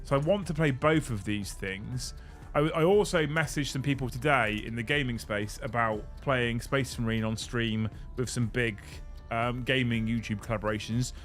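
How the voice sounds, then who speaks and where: A young British man hosting a live stream, excitable and swearing casually as he runs giveaways. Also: mid-range voice, normal speed, soft background music. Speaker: livestream host.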